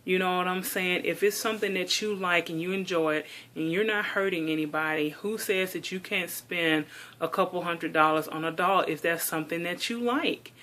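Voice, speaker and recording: A woman's voice: on the low side, normal speed, a bit bright. A woman venting in a casual vlog monologue, chatty and exasperated, saying "like" a lot. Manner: chatty and exasperated, heavy use of "like". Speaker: doll collector vlogger.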